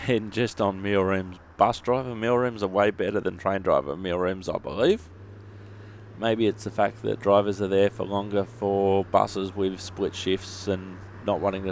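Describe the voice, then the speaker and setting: A man's voice: on the low side, slight background noise. An Australian man hosting bus simulator gameplay, answering viewer questions with dry, joking humour. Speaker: YouTube gaming host.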